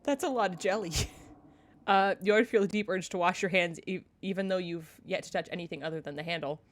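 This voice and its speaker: Speaking quickly in a lowish voice, a woman streams a casual let's-play of a story game. She reads its text aloud and chats between lines, giggly and talkative.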